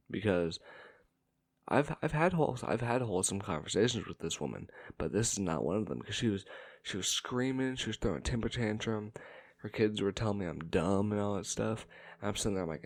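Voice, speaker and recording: A man casually telling a family story, rambling and halting, with fillers and swearing. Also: lowish voice, lively intonation. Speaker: storytime vlogger.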